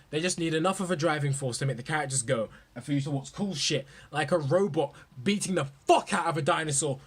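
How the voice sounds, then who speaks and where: A young man ranting about movies in a profane, excitable, rambling way. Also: fairly high pitch. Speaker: movie vlogger. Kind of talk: casual ranting commentary.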